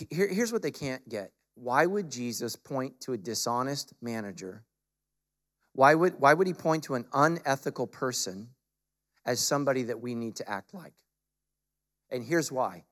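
A male pastor preaching a sermon, moving from casual storytelling to forceful, emphatic exhortation. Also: mid-range voice.

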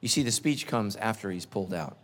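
A middle-aged man preaching a sermon, telling stories with lively, animated delivery and acting out voices. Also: fairly quick. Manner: animated storytelling, acts out voices, big pitch swings. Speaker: pastor. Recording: long reverb of a large hall.

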